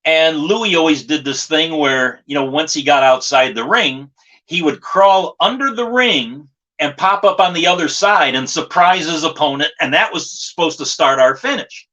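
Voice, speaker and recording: A man, a former wrestling manager, telling a lively backstage story in an interview and often saying "you know". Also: fairly high pitch, moderate pace, lo-fi sound.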